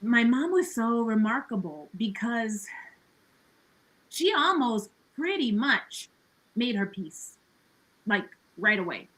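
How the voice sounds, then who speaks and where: A woman's voice: on the high side, big pitch swings, slow pace, pauses often, a bit bright, low-quality recording. A woman talking as a podcast guest in a casual conversation. She is earnest and reflective, with many "like" and "you know" fillers and laughs between her thoughts.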